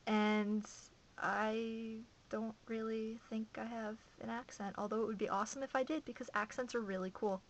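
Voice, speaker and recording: A woman's voice: on the high side, flat delivery, moderate pace, lo-fi sound, a little hiss or hum. A young woman from Massachusetts vlogging casually to camera, rambling and chatty, with lots of "uh"s.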